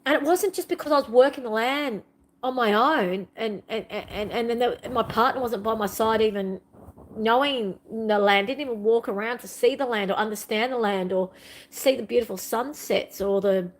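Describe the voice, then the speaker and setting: A woman's voice: a little high, normal speed. A middle-aged woman giving an earnest, repetitive, confessional monologue in a spiritual vlog, pouring out her feelings. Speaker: spiritual vlogger.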